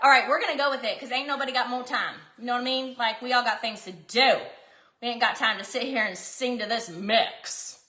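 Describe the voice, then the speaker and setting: A woman's voice: fairly high pitch, fairly quick, bright, forceful tone, roomy sound. A woman, cooking at home and chatting to viewers in a self-mocking, dramatic way. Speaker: cooking vlog host. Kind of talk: casual kitchen chat to viewers. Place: home kitchen.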